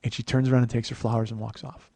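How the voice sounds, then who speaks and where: A man in his forties telling a long personal story as host, profane, animated and self-mocking. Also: mid-range voice, fast talker, gravelly, no echo. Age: 40s. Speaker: podcast host.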